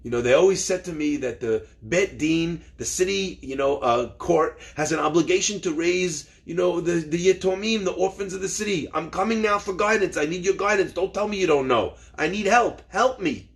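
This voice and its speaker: A man's voice: high-pitched, normal speed, hardly any pauses. A man voicing a pleading orphaned young woman. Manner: pleading, urgent. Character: distressed orphaned young woman seeking advice.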